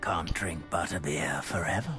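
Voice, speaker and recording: A man voicing a menacing older dark wizard in a game, speaking in a smooth, contemptuous, taunting way. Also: low-pitched, moderate pace. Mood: sneering. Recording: game audio with music behind.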